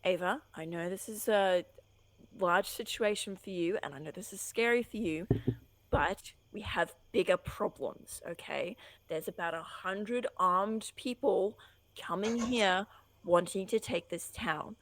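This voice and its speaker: Bold adventurer woman, pushy and forceful, played by a woman, dry close sound. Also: medium pitch, measured pace, no room sound, natural voice, rough recording. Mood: pleading. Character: bold young woman adventurer, urgent and commanding.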